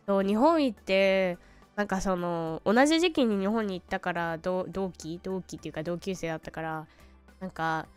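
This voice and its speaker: A woman's voice: mid-range voice, fast talker, smooth, faint music behind. A young woman streaming from home, chatting casually and telling rambling stories in a loose, laughing way. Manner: rambling storytelling with laughs and quoted voices.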